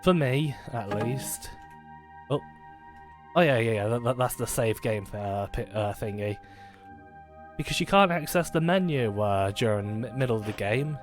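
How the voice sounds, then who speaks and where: A man's voice: mid-range voice, lively intonation, moderate pace, faint music behind. A man chatting casually while live-streaming a game, rambling and joking at his own expense, with many fillers and restarts.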